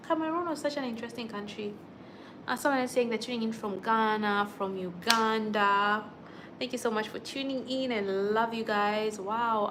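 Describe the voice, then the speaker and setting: A woman's voice: medium pitch, a bit bright. Young Kenyan woman, home livestream chatter, indignant and exclamatory, mid-range voice, faint hiss. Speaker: livestream host. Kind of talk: casual livestream chat reading viewer comments.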